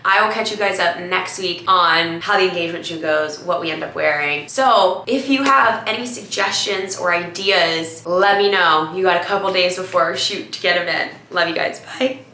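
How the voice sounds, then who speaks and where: A woman's voice: fairly low pitch, moderate pace, few pauses, bright, forceful tone, a little hiss or hum. A young woman chatting casually to the camera as a lifestyle vlogger, bubbly and talkative. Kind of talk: casual vlog chat. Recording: echoey room.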